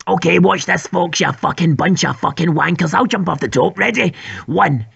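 A man's voice: high-pitched, animated, moderate pace, vocal fry, fairly bright tone, husky, dry recording. A man with a Scottish accent voicing a crude, boastful fat father pig in a parody cartoon dub. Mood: swaggering. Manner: swaggering, foul-mouthed. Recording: dull lo-fi recording.

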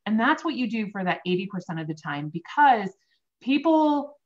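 A woman's voice: mid-range voice, sing-song, moderate pace, muffled recording. A woman host coaching real estate agents in a friendly, direct way on a video call. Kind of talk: casual interview chat.

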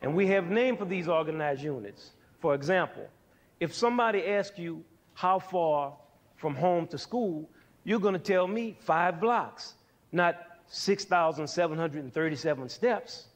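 A man's voice: fairly high pitch, lively intonation, unhurried. A middle-aged man presenting a music lesson for young people, asking questions and answering them himself, with counting and sound demonstrations. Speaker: music educator hosting a TV series.

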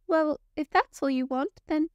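A woman's voice: high voice, unhurried, no room sound, highs cut off, pitched above the performer's own voice. A woman voicing a timid little girl elf who stammers nervously.

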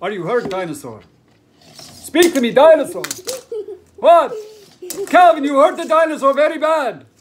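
Goofy bear puppet host, a dad puts him on, high lively voice in broken English. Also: male voice, a little slow, pauses often, slight background noise. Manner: broken English, playful, excitable.

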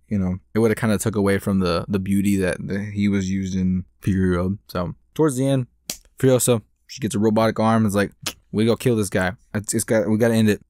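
A man's voice: lowish voice, darkish tone, dry recording, studio quality. A young man casually recapping a movie he saw, rambling with lots of fillers and restarts. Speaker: movie reviewer.

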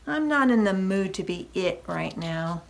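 A woman's voice: medium pitch, animated, measured pace, vocal fry. A woman voicing a gloomy young male pig in a storybook, listless and downcast. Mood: moping.

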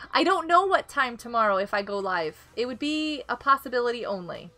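A woman hosting a casual gameplay live stream, excitable and giggly as she reacts to the game and greets viewers by name. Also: a little high.

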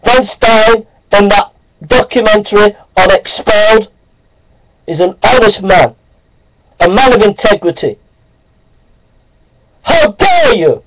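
A man's voice: high-pitched, measured pace, pauses often. A man ranting angrily into his camera, repeating short indignant phrases. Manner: repeating short angry phrases, building up then calming down. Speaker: video blogger. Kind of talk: angry ranting monologue. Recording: dull lo-fi webcam audio.

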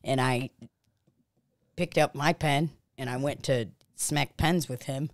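A woman's voice: very deep voice, fairly even intonation, takes it slowly, dry recording. A woman playing a crass, blustering balding middle-aged male debt collector who swears and gets defensive in an improvised comedy sketch. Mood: sheepish. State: out of breath. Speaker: podcast co-host.

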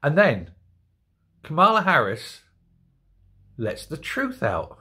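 An older man hosting an opinion commentary show, ranting in an animated, incredulous way. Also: on the high side, takes it slowly, breathy edge. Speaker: host.

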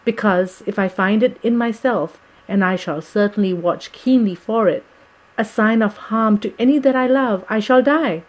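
A brave, sorrowful young wife, read by a woman narrator in an audiobook, speaking quietly and with resolve. Her voice sits in a middle register, close to the reader's own. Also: mid-range voice, moderate pace, lightly acted, rough recording. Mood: resolute. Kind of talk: audiobook character reading.

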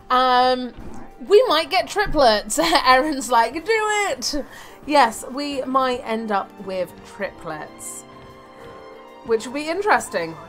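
A young woman streams a game live, her voice high and fairly bright. She chats through the play, thinking out loud with fillers and laughing a lot.

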